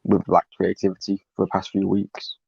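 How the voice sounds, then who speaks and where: A man's voice: deep voice, completely flat delivery, normal speed, creaky, darkish tone, husky, dry recording. A man who is a fan guest on a call, answering briefly and matter-of-factly. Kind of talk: casual chat. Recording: dull lo-fi dry call audio.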